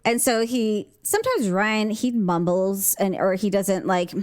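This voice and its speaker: A woman's voice: medium pitch, measured pace. A woman co-hosting a podcast, chatting casually and laughing through her stories. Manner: laughing, expressive storyteller. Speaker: podcast co-host. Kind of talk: casual chat.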